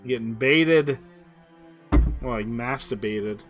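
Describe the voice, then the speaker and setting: A young man with a bright, forceful voice rambles through casual stream commentary while he plays. He swears a lot, mocks himself, and plays up a put-on voice. Faint music runs underneath. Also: medium pitch, unhurried. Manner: rambling, profane, self-deprecating; playing up a put-on voice.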